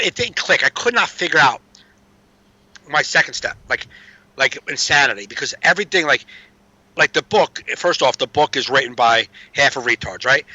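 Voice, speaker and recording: Streetwise man, casual podcast chat, bright edgy voice, dry muffled sound, slightly high. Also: no echo. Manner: streetwise storyteller, swears freely. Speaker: podcast guest.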